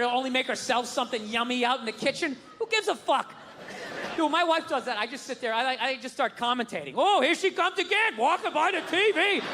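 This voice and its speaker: A man delivering a stand-up routine in a very high, strained voice, ranting and cursing. Audience laughter rolls over a noisy live recording. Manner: ranting, profane, shouting. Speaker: stand-up comedian. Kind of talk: stand-up comedy set. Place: live comedy venue stage. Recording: live stage mic with crowd noise.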